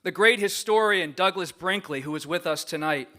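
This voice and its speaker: A man with a slightly higher pitch and a bright, forceful tone delivers a prepared acceptance speech at a gala podium. His delivery is earnest and grateful, measured like a written speech read aloud, and it carries through a podium microphone in a large banquet room. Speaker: award recipient giving an acceptance speech.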